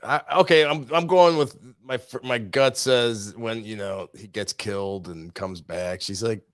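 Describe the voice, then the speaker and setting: A man's voice: lowish voice, measured pace, clear, resonant tone, dry recording. Man, co-host, casual chat, laid-back, short replies, dry sound.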